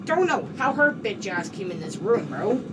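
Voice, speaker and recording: A woman's voice: medium pitch, sing-song, moderate pace, far from the mic, heavy background noise. A woman giving frantic, swear-filled gameplay commentary, repeating "bro" constantly. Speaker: gamer.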